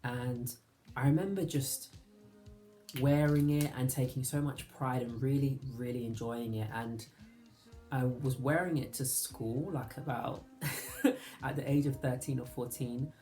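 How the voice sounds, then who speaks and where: A man hosting his own fragrance channel, chatting casually and nostalgically, with soft laughs. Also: medium pitch, fairly even intonation, measured pace, faint music behind. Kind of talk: casual reminiscing vlog.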